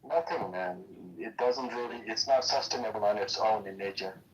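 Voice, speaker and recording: Calm male debater with a fairly low voice, philosophical tone. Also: normal speed, recorded from a distance, highs cut off. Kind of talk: casual debate.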